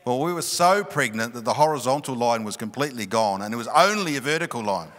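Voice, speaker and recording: A man's voice: mid-range voice, quick pace. Man preaching in a reverberant church hall. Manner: storytelling, animated and laughing. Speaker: pastor. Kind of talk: sermon.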